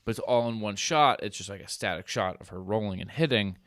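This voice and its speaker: A man with a low voice chats on a podcast, retelling film scenes with lively, swearing energy. The recording is dry and close, with no room sound. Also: fairly quick, no room sound. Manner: animated storyteller, swears casually. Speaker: podcast co-host. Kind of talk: casual chat.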